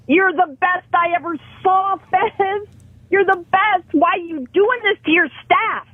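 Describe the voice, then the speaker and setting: A woman's voice: extremely high pitch, a little slow, dry recording, phone-quality sound. A woman calling in to a radio talk show, pleading and scolding with passion. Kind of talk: heated call-in confrontation.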